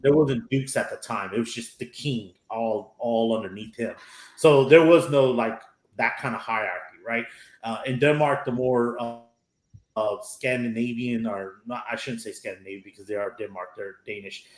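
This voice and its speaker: A man's voice: medium pitch, normal speed. A male podcast host talks in a loose, rambling way, tagging his points with "right?". His voice sits in a middle range and bounces around an echoey room. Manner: rambling, tags lines with "right?". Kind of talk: casual chat. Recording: roomy echo.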